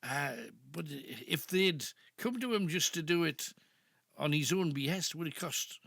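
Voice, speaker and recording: An older radio host with a Geordie accent, talking in a gravelly, bright and fairly high voice. He rambles through anecdotes into a dry, close studio mic. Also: animated, unhurried, no room sound. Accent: Northeast English (Geordie). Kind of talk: late-night phone-in chat. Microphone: studio microphone.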